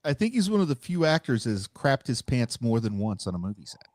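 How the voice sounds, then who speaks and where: A man's voice: medium pitch, very animated, fast talker, a little mellow, no echo. A man co-hosting a movie podcast, dropping dry quips in casual chat. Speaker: podcast co-host.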